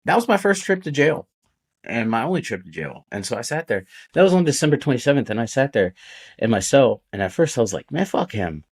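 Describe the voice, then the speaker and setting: A man's voice: mid-range voice, very animated, fast talker, slightly rough. A man, a podcast guest, telling his own story in a candid, casual way, swearing often and using many fillers.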